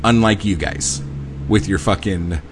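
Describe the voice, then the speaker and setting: A man hosting a podcast, delivering an aggressive, profane, confrontational rant that swings between low muttering and loud outbursts. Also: measured pace, noisy background. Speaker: podcast host. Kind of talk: profane ranting monologue.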